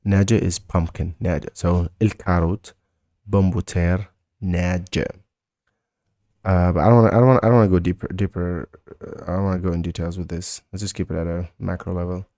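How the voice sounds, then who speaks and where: Low gravelly man teaching slowly. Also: fairly even intonation, dark tone, no room sound. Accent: Mauritanian. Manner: repeats words slowly, loose and chatty. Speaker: language teacher. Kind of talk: casual language lesson.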